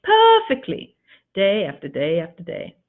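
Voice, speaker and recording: A woman giving a motivational teaching talk as a coach, with expressive emphasis and repeated words for effect. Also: mid-range voice, moderate pace. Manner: addresses listeners as darlings. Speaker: spiritual coach. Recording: tinny phone-like audio.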